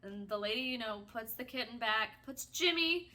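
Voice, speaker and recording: Woman gamer, casual storytelling over gameplay, bright higher voice, chatty and dramatic. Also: moderate pace. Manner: chatty, animated, self-described drama kid. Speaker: gaming streamer. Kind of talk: casual storytelling while gaming.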